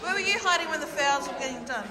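A bubbly, affectionate woman with a slightly high voice vlogs on her phone in a hall at night. Heavy noise runs beneath her voice the whole time, and she chats casually over it. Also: expressive, quick pace. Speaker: vlogger. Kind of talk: casual vlog chat. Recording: loud background noise.

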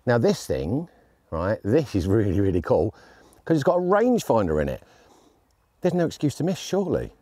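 A man's voice: medium pitch, wildly swooping pitch, moderate pace, mellow, breathy edge, no room sound, studio quality. A man giving a chatty, jokey and enthusiastic gear review outdoors on shooting land.

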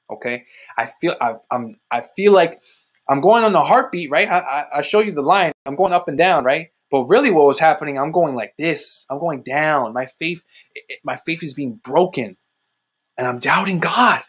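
A young adult man sharing a personal faith testimony on a livestream, speaking emphatically and repeating phrases, with sudden rises in pitch. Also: fairly quick. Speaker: ministry host giving testimony.

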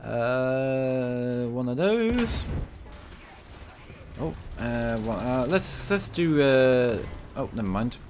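Speaking very slowly, this gaming creator gives casual commentary on a tank match, excitably cheering, grumbling and bantering at enemies with mock indignation across a wide pitch range. A faint background hiss is audible.

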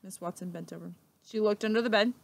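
A teacher reading a children's book aloud with expressive, steady storytelling. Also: female voice, medium pitch, fast talker, creaky, no room sound.

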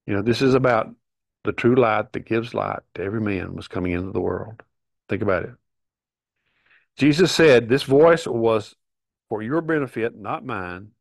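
A middle-aged man earnestly teaching a Bible study, reading verses aloud and pausing to stress them. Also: lowish voice, vocal fry, no room sound. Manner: earnest, emphatic, reads scripture aloud with pauses.

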